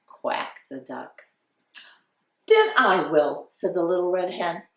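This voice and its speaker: Slow, sing-song woman reading to children. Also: low-pitched. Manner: sing-song, animated, acts out animal sounds. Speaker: children's story time host. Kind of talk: children's songs and storybook reading. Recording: roomy sound from a distant mic.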